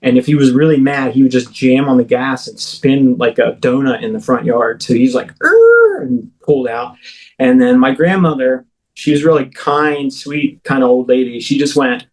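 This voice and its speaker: A man's voice: medium pitch, level tone, normal speed, a little mellow, low-quality recording. A man in his thirties, an interview guest, telling a personal story vividly, with frequent halts and restarts. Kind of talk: recounting a personal experience in an interview.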